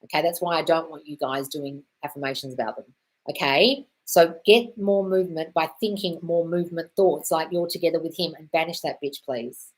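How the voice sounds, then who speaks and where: A woman's voice: low voice, a little fast, slightly rough. An Australian woman hosting a casual live-stream Q&A, answering viewers' questions bluntly, swearing freely and calling people darling. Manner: reads viewer comments aloud. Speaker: manifestation coach answering live chat questions.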